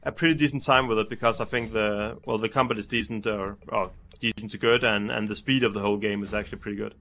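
Hesitant young man with a bright voice. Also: fairly low pitch, fairly even intonation, fast talker. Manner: hesitant, repeats words while searching. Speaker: co-host. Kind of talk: casual game review chat.

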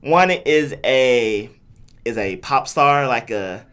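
A man co-hosting a casual podcast chat, animated and quick to laugh. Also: medium pitch, clear, resonant tone. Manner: animated, laughs often, acts out voices. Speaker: podcast co-host.

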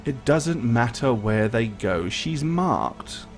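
A man voicing a calm, menacing male pursuer who gives quiet orders. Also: medium pitch, takes it slowly, music in the background. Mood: cold menacing. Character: cold, calculating male pursuer with a sword.

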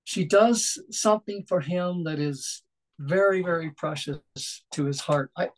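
Gentle, reflective male preacher. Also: a little high, rough recording. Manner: gentle, reflective, with frequent pauses and restarts. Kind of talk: sermon.

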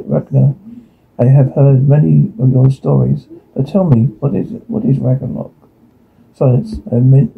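A man reading aloud a TV episode's audio description and dialogue in a flat way, often stumbling and repeating words. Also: mid-range voice, creaky, slightly rough. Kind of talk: reading aloud a transcript with sound cues. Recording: tinny phone-like sound.

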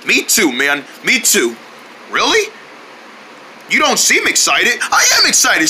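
A man's voice: high-pitched, huge pitch swings, a little slow, long pauses, bright, forceful tone, a little hiss or hum. A man voicing goofy cartoon characters in playful, sing-song banter.

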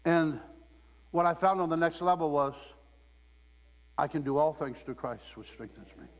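A man's voice: fairly high pitch, normal speed. A man from Ohio preaching a sermon in a conversational, humorous way, often laughing. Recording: long hall reverb.

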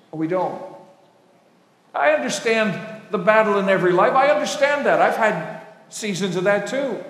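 High-voiced preacher in an echoey hall. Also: male voice. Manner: animated storytelling, swinging between loud and hushed. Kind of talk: sermon. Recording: echoey hall with long reverb.

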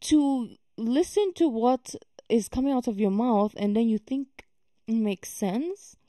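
A woman's voice: fairly high pitch, a little slow, mellow, no room sound, studio quality. A woman hosting a reaction video, talking casually and emphatically with many fillers and exasperated remarks.

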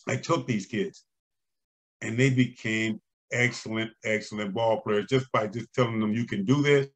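An older man, a guest on an interview show, tells animated stories with chuckles and acts out the voices of people he quotes. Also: lowish voice, unhurried. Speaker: interview guest, former umpire and scout. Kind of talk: conversational storytelling.

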